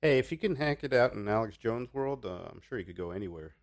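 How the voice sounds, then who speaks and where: A man on a casual podcast, talking in a halting, profane way. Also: mid-range voice, expressive. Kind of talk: casual chat.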